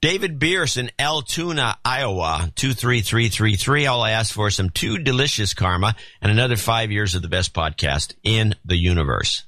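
Man, podcast co-host, wry and dry, lowish voice, close dead studio sound. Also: animated, moderate pace, hardly any pauses, bright, forceful tone, no room sound. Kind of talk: casual political chat, reading donor notes.

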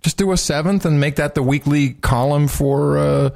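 A man co-hosting a podcast in casual chat, animated and joking, laughing often. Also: a little high, moderate pace, creaky. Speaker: podcast co-host.

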